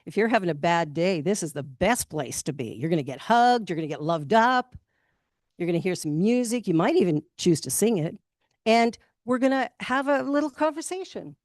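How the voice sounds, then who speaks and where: A Canadian woman minister giving a casual, candid spoken sermon, chatty and quick to laugh. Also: fairly low pitch, lively intonation, dry recording, clean studio sound. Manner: chatty and candid, laughs often, acts out quotes. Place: spiritual centre in Toronto.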